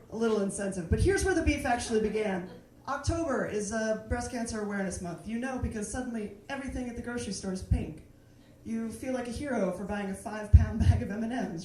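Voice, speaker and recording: Woman stand-up, sardonic, fairly high voice, distant and echoey club recording with noise. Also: fairly quick. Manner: sardonic, dropping to mock-quiet asides. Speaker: stand-up comedian. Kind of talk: stand-up comedy set. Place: comedy club stage, live audience. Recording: echoey room from far off, noisy.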